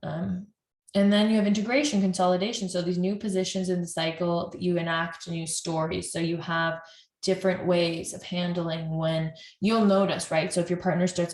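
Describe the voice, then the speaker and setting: Low-voiced woman therapist in a roomy echo. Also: level tone, normal speed. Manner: earnest, explains at length with many restarts. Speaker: couples therapist. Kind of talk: explanatory talk to camera.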